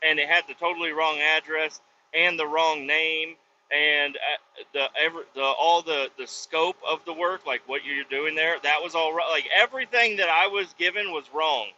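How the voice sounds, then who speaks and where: A man casually telling a profane, animated story from inside his pickup truck with the windows down, recorded on a phone. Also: fairly high pitch, normal speed. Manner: profane, animated, acts out voices in retelling. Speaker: vlogger and truck driver. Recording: slightly dull lo-fi audio, faint road noise.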